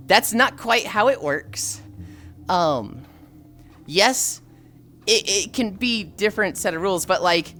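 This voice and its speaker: A woman's voice: mid-range voice, expressive, slow, pauses often, a bit bright, slight background noise. A woman streamer chatting casually, thinking aloud with frequent sighs and reading chat aloud. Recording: faint music behind.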